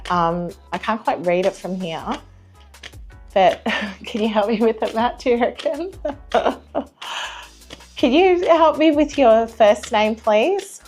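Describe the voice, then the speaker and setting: A woman giving a live tarot reading, reassuring, apologetic and gently chatty. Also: medium pitch. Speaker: tarot reader.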